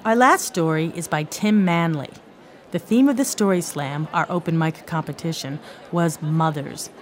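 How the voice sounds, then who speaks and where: A woman radio host reading scripted narration calmly and measuredly into a studio mic. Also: low-pitched. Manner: calm, measured announcing. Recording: radio voice-over over guitar music and crowd.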